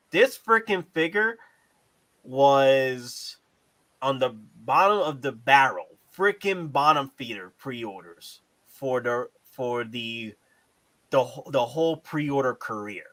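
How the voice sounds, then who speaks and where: A man hosting a casual collectibles chat, animated, repeating himself and swearing casually. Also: mid-range voice, low-quality recording. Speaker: host.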